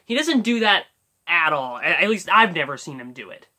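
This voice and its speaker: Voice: mid-range voice, big pitch swings, normal speed, pushed and bright. A YouTuber casually explaining how to do cartoon voice impressions, rambling and full of fillers as they think aloud. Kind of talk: casual tutorial talk.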